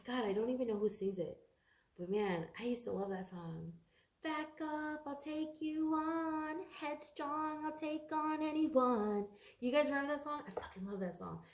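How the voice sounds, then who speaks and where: A woman's voice: mid-range voice, mellow, roomy sound. A congested woman giving a casual tarot reading to camera, rambling, swearing freely and stumbling over her words. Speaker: tarot reader.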